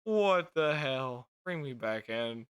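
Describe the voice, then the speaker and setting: A man's voice: medium pitch, expressive, slow pace, clear, resonant tone. Exasperated man swearing through a game. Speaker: gaming video creator. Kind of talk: let's play commentary. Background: game music.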